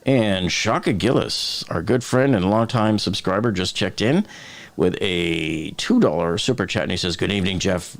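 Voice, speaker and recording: A man's voice: sits low, lively intonation, moderate pace, vocal fry, a little hiss or hum. A man from the Boston area hosting a live stream, chatting casually, joking and reading viewer comments aloud.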